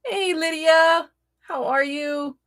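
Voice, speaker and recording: Chatty, slow-talking woman livestream host. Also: very high voice, a bit bright, no echo. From Florida. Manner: chatty, laughs often, greets viewers by name. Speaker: tarot reader and livestream host. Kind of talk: casual livestream chat.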